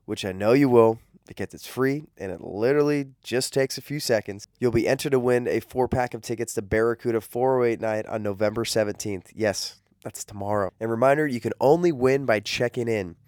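A man hosting a pregame show with energetic, playful hype, his voice nasal and congested from the flu. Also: mid-range voice, a little fast, hardly any pauses, no echo, clean studio sound. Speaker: arena gameday show host. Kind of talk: upbeat promotional hosting.

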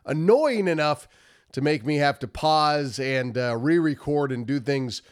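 A man's voice: on the high side, unhurried. Nasal-voiced man with a cold. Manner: emphatic, repetitive, stumbles over words. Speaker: hockey commentary host. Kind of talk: post-game analysis video.

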